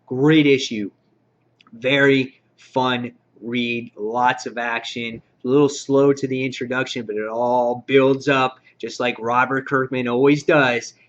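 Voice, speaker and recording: A man reviewing a comic book in a casual, rambling, excited way, full of fillers and quoted lines. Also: medium pitch. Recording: dull lo-fi recording.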